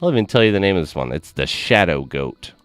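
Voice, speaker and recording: A man's voice: low voice, big pitch swings, fast talker, clean tone, soft background music. A man hosting a gaming stream, telling a rambling casual story with lots of 'like'. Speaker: stream host.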